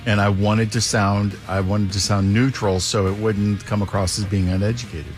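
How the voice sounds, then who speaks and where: A man's voice: lowish voice, level tone, normal speed, over music. A man on a talk radio show explaining himself in an earnest, defensive way. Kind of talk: casual talk radio chat.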